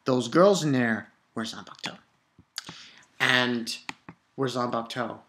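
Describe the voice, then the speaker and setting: A woman giving a casual, excitable manga review, laughing often and acting out lines. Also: rumbling low, a little slow.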